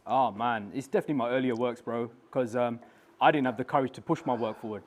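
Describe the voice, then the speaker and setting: Man, rapid speech, mid pitch, slangy animated studio chat. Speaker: artist guest. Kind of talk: casual interview chat. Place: live studio.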